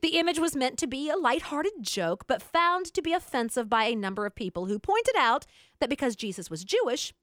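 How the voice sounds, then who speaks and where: Animated Southern woman radio host. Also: high voice, brisk, dry recording, studio quality. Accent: Southern American. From Southern United States. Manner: animated, teasing, reads quotes aloud. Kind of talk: casual chat reading news stories.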